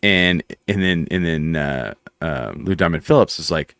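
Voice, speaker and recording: A man's voice: low-pitched, brisk, few pauses, dry recording, clean studio sound. Podcast host guy from near west texas, big swoopy delivery, does voices mid story. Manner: animated, jumps into voices and impressions. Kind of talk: casual chat.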